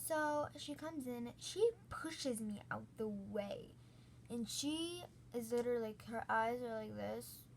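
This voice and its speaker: Woman, storytime host, casual rambling, filler "like", slightly high voice, slow delivery. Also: creaky, slight background noise. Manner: rambling, heavy use of "like".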